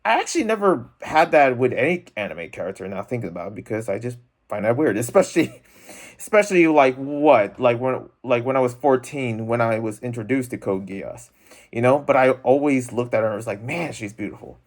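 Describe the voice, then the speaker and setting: A man's voice: medium pitch, expressive, brisk. Young male vlogger, rambling and self-conscious, talking to camera from his room. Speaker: unboxing vlogger. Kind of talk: casual rambling chat.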